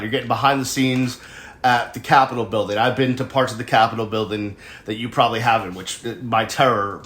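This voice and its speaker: A man's voice: medium pitch, fairly bright tone, reverberant. Rambling, self-mocking man in his forties. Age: 40s. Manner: digressive, conversational, self-deprecating asides. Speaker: show host. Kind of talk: casual storytelling monologue.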